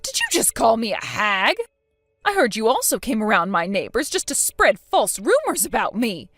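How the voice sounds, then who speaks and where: A woman reads a scheming elderly grandmother in a texting story. She sounds indignant and self-pitying, always defending herself. The voice sits a bit high with lively swings, dry and close, over faint music. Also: normal speed, no echo, heavily acted.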